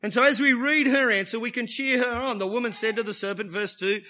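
A man delivering a sermon with a high, bright voice. He talks conversationally, tossing tag questions back to the congregation. His delivery moves from hushed, drawn-out emphasis to quick, animated stretches. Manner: shifts between quiet, slow emphasis and lively bursts. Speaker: preacher.

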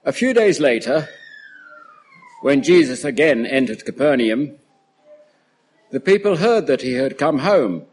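A man reading a Bible passage aloud at a church service, careful and unhurried. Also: mid-range voice, big pitch swings, a little mellow, slightly rough. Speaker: Bible reader.

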